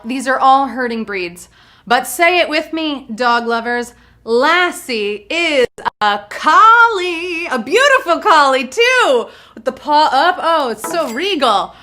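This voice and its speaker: A woman's voice: sits high, bright, forceful tone. A young woman hosting a live trivia game show, bubbly and full of playful puns. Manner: bubbly, punny, playful banter.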